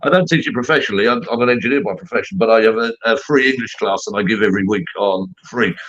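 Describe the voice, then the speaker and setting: A man's voice: on the low side, quick pace, a bit bright. A man talks in a casual online chat, earnest and careful to choose exactly the right word. His audio is slightly dull and muffled. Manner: earnest, precise with words. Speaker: engineer and volunteer English teacher.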